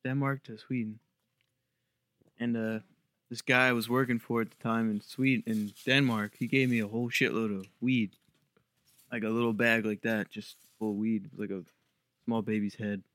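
A man in casual conversation, telling a rambling story in a deadpan way. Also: lowish voice, normal speed, dry recording. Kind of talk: casual chat.

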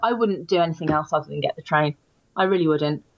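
A woman's voice: low voice, fast talker, no room sound, dull audio. A woman from London with an English accent, chatting as a podcast guest, laughing often and repeating words as she starts. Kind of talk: casual chat.

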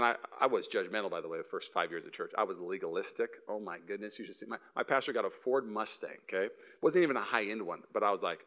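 A man preaching a sermon as pastor, animated and joking, often repeating and restarting words. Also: mid-range voice. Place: church.

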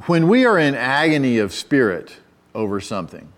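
A pastor delivers his sermon conversationally, restarting and making self-deprecating asides, then erupts into loud, emphatic cries when he quotes scripture. His voice is medium in pitch with wide swings, at a normal speed.

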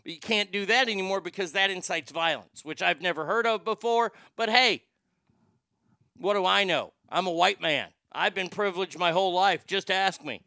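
A man delivers a sarcastic, profane comedic rant as a talk show host. His voice sits high and bright with a crisp, smooth tone. The sound is dry and close, with no room around it. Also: moderate pace, no room sound. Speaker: podcast host. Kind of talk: ranting comedic commentary.

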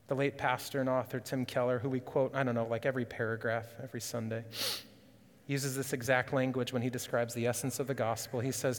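A man preaching a sermon as pastor, earnest and urgent, rising on questions and dropping low and quiet for emphasis. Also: level tone, brisk, big-room sound.

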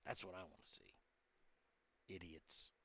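Male host, profane rambling monologue, gravelly and bright, slightly high, dry close sound. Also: moderate pace.

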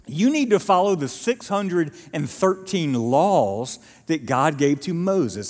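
A male pastor preaching a sermon, telling the story with animated delivery and acting out quotes. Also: on the high side. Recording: reverberant church hall.

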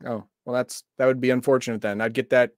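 A man's voice: mid-range voice, little pitch movement, fast, a little mellow, no room sound. A man co-hosting a casual chat with dry, wisecracking banter. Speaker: co-host.

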